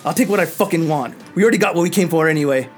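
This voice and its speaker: A man voicing a brutish, foul-mouthed male dwarf thug who snarls and curses fast. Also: mid-range voice, steady tone, soft background music, lightly acted. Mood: angry.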